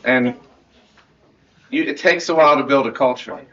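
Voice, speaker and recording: A man in his thirties speaks to his marching band at season's end in an earnest, rambling way, often laughing and restarting his sentences. His pitch sits in an ordinary middle range. The audio is dull and lo-fi. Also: moderate pace, sharp tone. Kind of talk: heartfelt end-of-season speech to students.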